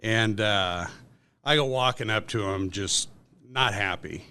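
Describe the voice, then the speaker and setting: A man with a lowish voice and a forceful, sharp-edged tone, telling stories loosely as a podcast guest. He rambles, restarts and fills pauses with "uh" and "you know". It sounds like relaxed conversation. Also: clear, resonant tone. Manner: rambling anecdotal storytelling with many fillers. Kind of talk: casual storytelling.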